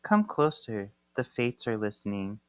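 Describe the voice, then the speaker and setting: A man's voice: on the low side, very animated, unhurried, dry recording. A man reading a comic aloud as a sly, sad old witch woman, knowing and ominous.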